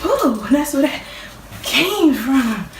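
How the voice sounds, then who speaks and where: A woman's voice: sits high, big pitch swings, slow, far from the mic, slight background noise. A young woman, joking her way through playful casual explanations. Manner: goofy, playful, chatty. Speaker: vlogger. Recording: roomy sound from off mic.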